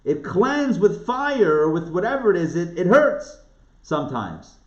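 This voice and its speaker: A rabbi teaching a live online class gives a casual Torah lesson, chatting with his listeners and asking them questions. His high-pitched voice is very animated yet unhurried. The sound is dull and lo-fi, with an echoey room.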